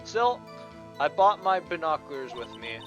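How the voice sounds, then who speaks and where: A nervous, defensive woman witness, put on by a man in a high, swooping voice with a shaky Southern drawl. She stammers and trips over her words as she insists on her story. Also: sing-song, normal speed, soft background music. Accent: attempted Southern US drawl. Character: flustered female witness with a put-on twang.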